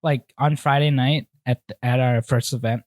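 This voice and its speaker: This young male podcast host has a mid-range voice and speaks at normal speed, recorded dry with clean studio sound. Chatting casually, he tells candid, lively stories and acts out what others said.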